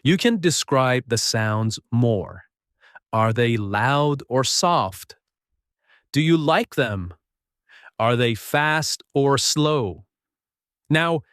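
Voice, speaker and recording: A man teaching an English lesson, speaking slowly and clearly, encouraging learners and repeating phrases. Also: mid-range voice, animated, fairly bright tone, no echo, studio quality.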